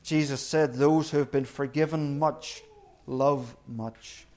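A man preaching a sermon in an earnest, deliberate way, repeating key phrases for emphasis. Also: fairly high pitch, fairly even intonation, darkish tone. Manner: earnest, emphatic repetition with slow deliberate pauses.

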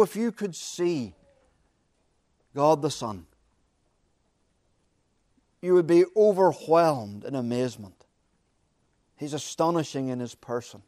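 A man preaching a sermon, with dramatic pauses and emphatic repetition. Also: fairly high pitch, dark tone, no room sound, clean studio sound.

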